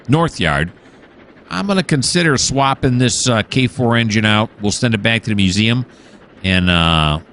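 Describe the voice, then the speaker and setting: A man's voice: mid-range voice, fairly bright tone, slight background noise. A man hosting casual let's-play commentary, rambling and musing aloud with many fillers and restarts. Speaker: gaming channel host.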